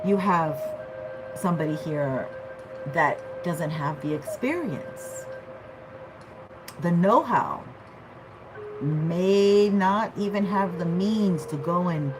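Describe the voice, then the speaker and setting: A woman's voice: on the low side, poor audio. A woman giving a casual tarot reading, chatty and loose, often checking in with "okay?". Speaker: tarot reader.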